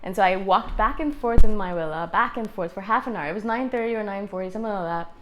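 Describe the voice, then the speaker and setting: A woman tells a personal story to her vlog audience in a loose, conversational way, poking fun at herself. Her voice sits at an ordinary middle pitch, and she slips into her own inner voice as she retells the moment. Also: quick pace, a little hiss or hum. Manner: self-deprecating, animated retelling with inner-voice asides. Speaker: YouTube host.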